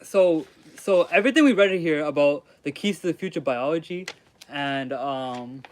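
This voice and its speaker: A man's voice: a little high, expressive, normal speed. A young man streaming live, rambling casually as he reads and answers chat in slangy talk. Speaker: streamer reading aloud. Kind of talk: casual livestream commentary.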